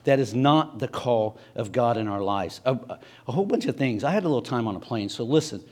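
A man's voice: mid-range voice, expressive, a little fast, a little mellow. A man with a Southern Ohio accent preaching a sermon in a church, talking conversationally, stumbling and restarting, and acting out quoted voices. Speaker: pastor. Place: church sanctuary.

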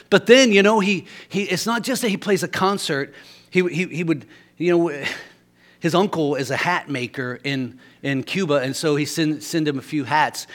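A man's voice: on the high side, fairly bright tone. Man preaching a storytelling sermon. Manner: storytelling, repeats words as he restarts.

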